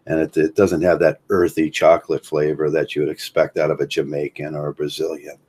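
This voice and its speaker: A man's voice: a bass voice, level tone, darkish tone, slightly rough. A man from Ohio with a Midwestern American accent, hosting a livestream and rambling through philosophy with many fillers and restarts. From Ohio, USA. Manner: halting, many fillers and restarts, chuckles often. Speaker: livestream host.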